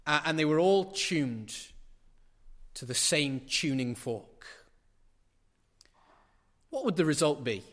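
A man preaching a sermon in a large church, building to loud emphatic peaks with rhetorical questions and repetition, then dropping to quiet asides. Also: fairly high pitch, expressive, slow pace, long pauses, long reverb tail.

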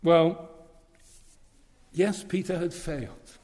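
A man's voice: on the high side, slow pace, a little mellow. A man preaching a sermon in a church, earnest and leaning on repeated phrases. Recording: long reverb of a large hall.

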